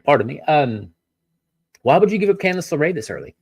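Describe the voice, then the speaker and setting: A man's voice: on the high side, very animated, fairly quick, creaky, a little mellow, husky, no room sound. Ranting man reviewing wrestling, dry sound. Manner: ranting, rhetorical questions, frequent apologies for tangents. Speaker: wrestling review podcast host. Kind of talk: solo review podcast.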